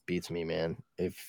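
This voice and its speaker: A man's voice: sits low, creaky, no room sound, studio quality. A man co-hosting a podcast in casual chat, rambling and swearing as he riffs on films. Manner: rambling, profane, riffs with mock voices. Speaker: podcast co-host.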